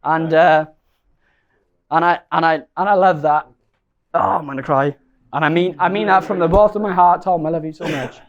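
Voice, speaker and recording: A man's voice: on the high side, steady tone, fairly quick, highs cut off. A young man giving a best man speech at a wedding reception, rambling, emotional and laughing at himself.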